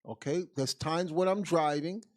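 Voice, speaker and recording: A man with a fairly high voice leads a Bible class as a deacon, answering viewer questions. He talks bluntly and emphatically in casual street speech and keeps checking in with a pointed "Okay?". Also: moderate pace.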